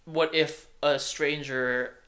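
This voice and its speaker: A man's voice: on the high side, steady tone, slow, sharp tone. A young man hosting a casual movie podcast, talking in a rambling way with lots of fillers and restarts. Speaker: podcast host.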